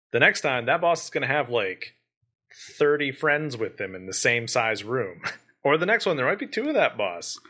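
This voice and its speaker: A man with a bright, forward voice chats about games on a podcast. He rambles eagerly, stacking examples and breaking into little laughs as he goes. His pitch sits right in the middle for a man. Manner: enthusiastic, rambling, laughs often mid-sentence. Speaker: podcast co-host. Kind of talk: casual gaming chat.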